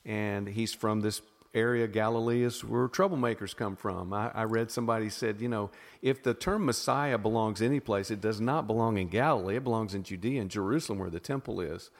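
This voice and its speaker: A man's voice: lowish voice, brisk, few pauses, in a large hall. A man with a Southern US accent, a podcast guest explaining ideas in a thoughtful way, often restarting his sentences. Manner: thoughtful, self-interrupting explainer with frequent restarts. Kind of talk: casual teaching conversation.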